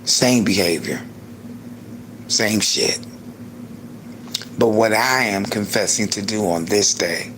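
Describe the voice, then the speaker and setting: A man in his sixties hosting a livestream and ranting heatedly with a lot of profanity, swinging between loud outbursts and low muttering. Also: a little hiss or hum. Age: 60s. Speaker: livestream host.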